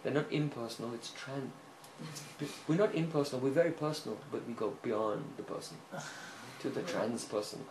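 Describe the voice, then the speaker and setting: A man preaching a story-filled sermon, animated and often checking in with his listeners, in an echoey room with faint hiss. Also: medium pitch, normal speed. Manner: animated storyteller, frequent "hmm?" checks, chuckles.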